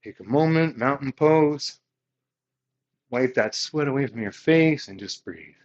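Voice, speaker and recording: A male yoga instructor guides a class through poses with calm, encouraging cues, taking his time between each one. His voice sits at an ordinary pitch and comes through a slightly dull, lo-fi recording. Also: a little slow. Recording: slightly muffled, lo-fi audio.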